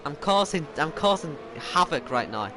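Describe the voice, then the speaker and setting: A man's voice: fairly high pitch, very animated, moderate pace. A man commentating live on his own online racing game, self-mocking and exasperated as things go wrong around him. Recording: game engine noise behind. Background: racing car engine noise.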